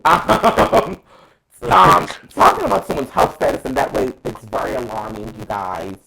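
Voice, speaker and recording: A man's voice: medium pitch, big pitch swings, normal speed, creaky, sharp tone, slight background noise, low-quality recording. A man co-hosting a casual talk show, giving a dramatic, emphatic, profane opinion and calling co-hosts by name. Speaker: co-host.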